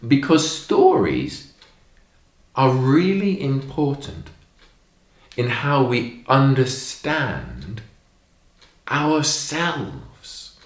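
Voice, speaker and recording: A man telling stories to young children in a lesson, expressive and emphatic, acting out the lines in a story. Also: mid-range voice, extremely slow, pauses often, echoey room.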